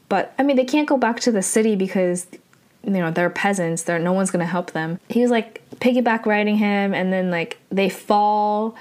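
A woman casually recapping a drama episode, talking in a loose, chatty way, full of "like" fillers and quick self-corrections. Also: medium pitch.

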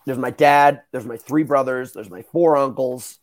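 A young man hosting a podcast, telling stories in a casual, animated way, swearing and acting out the voices of the people in them. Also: mid-range voice, normal speed. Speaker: podcast host. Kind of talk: casual storytelling chat.

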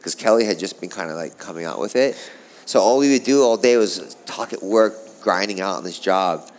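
Low-voiced guy in his middle years, rambling and cussing through an old surf story. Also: brisk. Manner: animated, profane, rambling storyteller. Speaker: guest, former pro surfer. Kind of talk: casual storytelling interview.

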